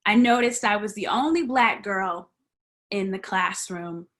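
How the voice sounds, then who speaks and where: A woman's voice: mid-range voice, measured pace, fairly bright tone. A woman preaching a sermon as a personal story, dramatically acting out the people in it and dropping to whispers. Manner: dramatic storytelling, acts out voices, drops to whispers. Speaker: guest preacher. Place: church sanctuary.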